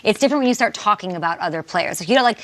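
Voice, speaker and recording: A woman's voice: mid-range voice, lively intonation, rapid-fire, fairly bright tone. A woman hosting a morning sports talk show, giving her view and steering to the next segments.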